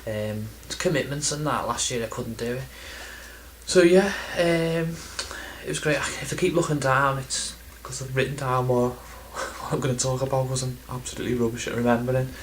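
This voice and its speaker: A man talks straight to camera in a loose, rambling vlog, stumbling over words and joking about his own memory. His voice sits at a middling pitch. A faint hum of room ambience sits behind him. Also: steady tone, moderate pace, poor audio. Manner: rambling, self-deprecating, lots of ums and restarts. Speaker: video game collector vlogger. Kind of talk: casual chatty vlog.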